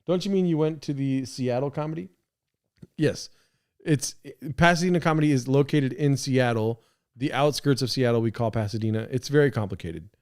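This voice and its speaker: A man's voice: mid-range voice, moderate pace, a little mellow. A man hosting a live stream, rambling in casual commentary with lots of swearing, fillers and restarts. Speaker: podcast host streaming.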